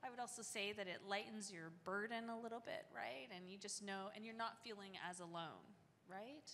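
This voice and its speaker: A woman's voice: medium pitch, brisk, a bit bright. A woman moderating a panel in a chatty, conversational way, telling stories with lots of fillers. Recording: echoey hall with faint noise.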